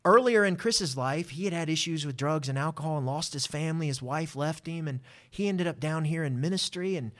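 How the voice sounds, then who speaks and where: A man, a guest telling a personal testimony with lively acted-out dialogue. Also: on the high side, brisk, few pauses. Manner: animated, acts out voices in his story. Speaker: interview guest. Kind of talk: storytelling testimony.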